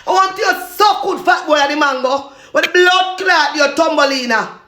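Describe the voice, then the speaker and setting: A Jamaican woman in a loud, repetitive, cursing rant, laughing between insults. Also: high voice, normal speed, roomy sound.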